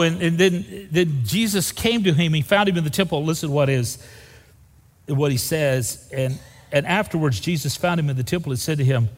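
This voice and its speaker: A man's voice: on the high side, big-room sound. A man preaching a sermon as a pastor, folksy and joking, acting out the people in the story. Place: church sanctuary.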